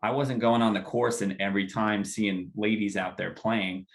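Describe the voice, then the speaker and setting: Low-voiced, rambling podcast host. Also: male voice, steady tone, normal speed, a little hiss or hum. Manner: rambling, hesitant questions with many fillers. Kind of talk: podcast interview.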